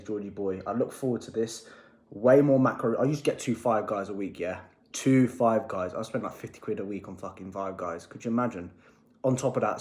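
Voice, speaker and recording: A man's voice: lowish voice, a little mellow, roomy sound. Sweary young man rambling. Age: 20s. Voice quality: swears a lot, rambling and cheeky. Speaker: fitness vlogger. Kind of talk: casual vlog chat. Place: home kitchen.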